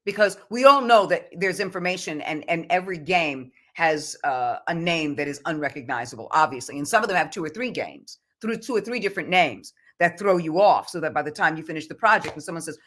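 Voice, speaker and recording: A woman's voice: low voice, expressive, fairly quick, few pauses, fairly bright tone. A woman voice actor, guest on a podcast interview, talking about her work in an earnest, reflective way. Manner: earnest, reflective, speaks of faith.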